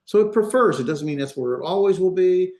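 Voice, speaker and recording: Brisk and animated, a Hebrew instructor with a high-pitched, slightly mellow voice teaches an online class from an echoey room. He uses a computer mic on a video call, and his step-by-step explanations contain many fillers and restarts.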